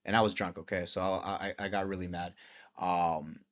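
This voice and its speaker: A man with a fairly low voice tells a long story in a loose, casual vlog style. He swears freely and acts out each side of the conversations as he goes. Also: normal speed. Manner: animated, profane, acts out conversations. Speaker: vlogger.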